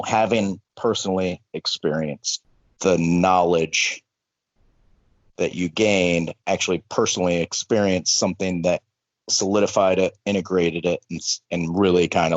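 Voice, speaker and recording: A man's voice: deep voice, no echo, highs cut off. A man speaking as a life coach in casual conversation, earnest and repeating words as he builds a point.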